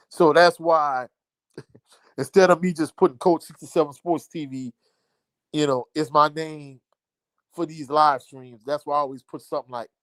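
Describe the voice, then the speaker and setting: A middle-aged man from Louisiana chats casually on a sports live stream, reading viewer comments and repeating phrases for emphasis. His voice is bright and a bit high for a man. The recording is close and dry, with no room sound. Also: clear, resonant tone, dry recording.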